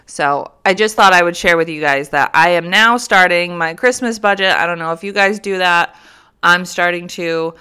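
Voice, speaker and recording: A woman's voice: on the low side, normal speed, pushed and bright, clean tone. A young woman and mother of three telling a funny story to her viewers in a chatty, casual way, laughing and swearing freely. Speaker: vlogger.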